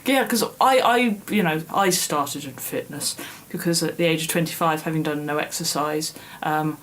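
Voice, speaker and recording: A woman's voice: sits low, moderate pace, slight background noise. A young woman co-hosting a podcast, chatting casually with a self-mocking, laughing manner. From northern England. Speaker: podcast co-host. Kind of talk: casual chat.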